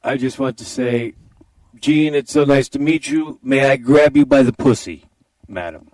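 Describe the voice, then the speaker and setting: A man's voice: mid-range voice, animated, normal speed, a little mellow, dry recording, close to an everyday voice. A man voicing a crude, boastful hybrid villain of a president and a masked comic-book brute, in comedy podcast improv. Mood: crude boasting. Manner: lewd, bragging, gravelly put-on villain drawl.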